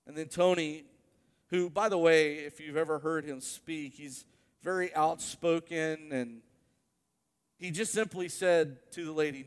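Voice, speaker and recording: A man preaching a sermon, his voice sitting a bit high for a man. He tells stories with lively build-ups that climb to emphatic peaks. A long reverb from the church hall trails after his words. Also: normal speed, smooth. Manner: animated storytelling, rising to emphatic peaks. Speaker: pastor.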